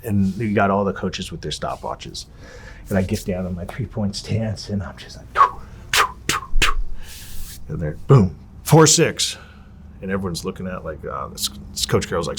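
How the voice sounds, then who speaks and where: A man in an interview, telling a story from his past in a lively, profane way and acting out the people he quotes. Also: low-pitched, slightly rough. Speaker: interview subject.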